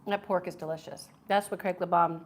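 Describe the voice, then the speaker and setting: A woman's voice: lowish voice, steady tone, a little fast. Host: woman, chatty, enthusiastic food-review streamer, faint background noise. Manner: chatty, enthusiastic, reads viewer comments aloud.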